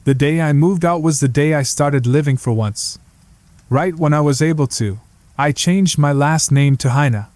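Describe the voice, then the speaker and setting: A man reads a sardonic young brother who lectures with dry dismissal, his voice a touch higher than the narrator's and mellow. The recording is close and dead. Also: moderate pace, dry recording, lightly acted. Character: blunt, sardonic young man, psychology student.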